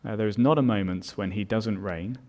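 A man's voice: on the low side, fairly quick, darkish tone, muffled recording. A man preaching a sermon as pastor, earnest and building in volume on his key points.

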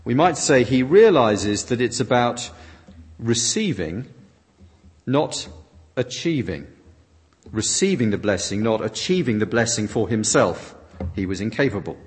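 A man preaching with a husky, breathy voice and a very lively pitch that rises and falls widely. He gives his quotations a dramatic reading. His voice rings through a large hall with a long reverb. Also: normal speed. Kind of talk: sermon with interpretation.

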